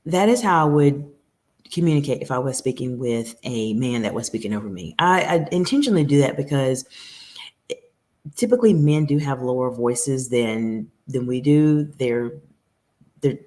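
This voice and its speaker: A woman who coaches professional women on communication talks directly to camera, earnest and advisory. Her voice is very deep, a little mellow and animated, at normal speed.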